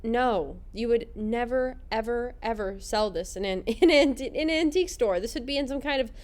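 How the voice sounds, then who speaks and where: A woman's voice: fairly high pitch, a little mellow. A woman hosting a podcast, narrating a scripted comedic recap in a wry, sarcastic way. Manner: wry, sarcastic, quick to laugh. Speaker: podcast host.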